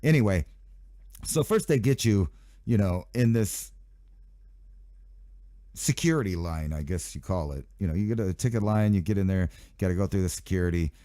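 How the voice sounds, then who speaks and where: A man talking through news items in a loose, rambling way, his pitch leaping up and down as he mocks what he reads. His voice is low and mellow. The recording is close and dry, with no room sound. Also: lively intonation, moderate pace, long pauses, no echo. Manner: rambling, sarcastic asides, mock voices of officials. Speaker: channel host. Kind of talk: casual commentary on news headlines.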